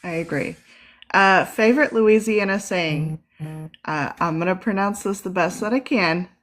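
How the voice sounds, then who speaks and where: A woman's voice: medium pitch, a little slow. Upbeat Southern woman co-host. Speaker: co-host asking questions. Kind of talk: rapid-fire interview questions.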